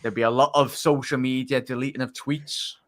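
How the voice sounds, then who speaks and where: A man's voice: medium pitch, steady tone, brisk, dry recording. A man hosting a fan live stream, thanking viewers and reading their comments. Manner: friendly, thanks viewers by name. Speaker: host.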